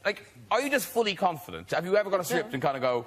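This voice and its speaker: An Irish man hosts a TV chat show and asks his guests playful, teasing questions. His pitch jumps all over the place and his tone is bright and forward. He speaks on a studio set. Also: big pitch swings, rapid-fire. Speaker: talk show host.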